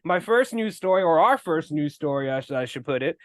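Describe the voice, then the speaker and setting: A man co-hosting a podcast in casual banter, profane, animated and laughing often. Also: fairly high pitch, brisk, no room sound, clean studio sound. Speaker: podcast co-host.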